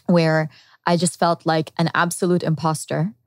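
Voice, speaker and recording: A woman's voice: low voice, little pitch movement, normal speed, a little mellow, no echo, clean studio sound. Earnest woman telling her life story. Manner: earnest and reflective, with quoted inner thoughts. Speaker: podcast guest. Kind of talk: candid personal storytelling.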